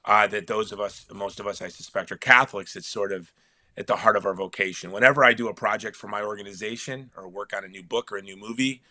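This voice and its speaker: A man being interviewed as a guest author, talking in an animated, emphatic way with frequent restarts. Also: lowish voice, fast, dry recording. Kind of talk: casual conversational interview.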